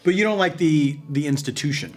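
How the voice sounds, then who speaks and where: A man's voice: on the high side, a little fast. A man hosting an interview with dry, playful wit. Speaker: interview host. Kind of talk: casual chat.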